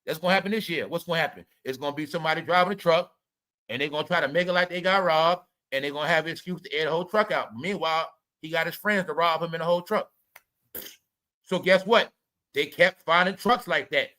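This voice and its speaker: A man hosts a livestream and rants about celebrity gossip in a high, bright, edgy voice. He swears freely, taunts viewers and keeps circling back to "all right" and "y'all." The delivery is combative and loud. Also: quick pace. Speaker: livestream commentator. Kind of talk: ranting celebrity gossip commentary.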